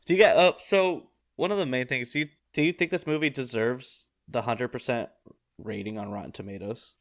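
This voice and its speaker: Male podcast host, loose rambling delivery, mid pitch. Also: moderate pace. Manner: rambling, many fillers and restarts. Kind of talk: casual film discussion.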